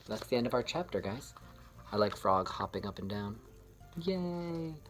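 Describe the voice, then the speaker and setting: Gentle man reading a storybook aloud. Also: medium pitch. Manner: gentle, warm-hearted and expressive, talks to kids. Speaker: children's story reader. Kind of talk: reading a picture book aloud to children.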